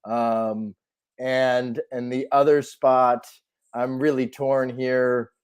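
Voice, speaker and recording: A man giving fantasy football picks on a live show, speaking in a measured, hesitant way with many pauses and ums. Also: mid-range voice, flat delivery, clean tone. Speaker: co-host analyst.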